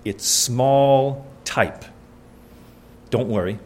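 A man's voice: medium pitch, drawn-out words. Earnest male preacher quizzing his congregation. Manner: asks the congregation questions, earnest and conversational. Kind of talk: sermon with scripture reading.

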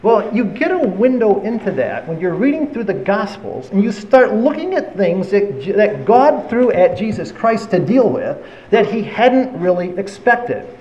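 A man preaching a sermon, retelling Bible stories in an animated, conversational way. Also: high voice, measured pace, muffled recording.

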